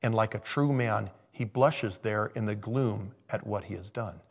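A man's voice: fairly low pitch, measured pace, gravelly, slightly rough. A man preaching a sermon in a conversational way, thinking aloud and interrupting himself. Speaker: pastor.

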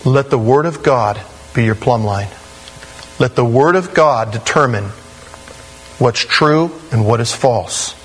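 A man preaching a sermon in a conversational, animated way, with sudden rises in pitch. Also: slow, long pauses, slight background noise, poor audio. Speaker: pastor.

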